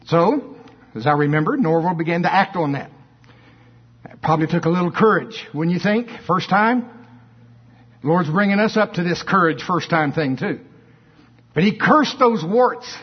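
A male preacher telling a story in an emphatic, animated sermon, with asides to the congregation. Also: high-pitched, moderate pace, pauses often, husky. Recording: dull lo-fi sermon recording.

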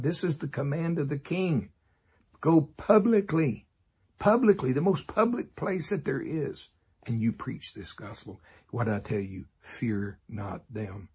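A man's voice: on the high side, a little slow, warm tone, breathy edge. A man preaching a sermon, laughing often and making sarcastic asides. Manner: sarcastic, laughing, acts out voices.

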